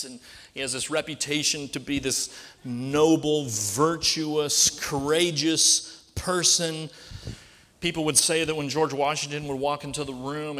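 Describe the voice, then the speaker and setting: A man's voice: fairly high pitch, bright, forceful tone. Man preaching in a reverberant hall. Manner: conversational preaching with rhetorical questions. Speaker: pastor. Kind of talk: sermon.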